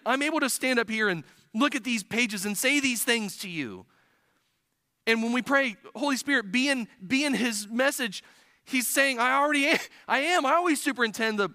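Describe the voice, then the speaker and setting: A man's voice: extremely high pitch, pushed and bright, dry recording, clean studio sound. A man preaching a sermon in church, earnest and building to emphatic points.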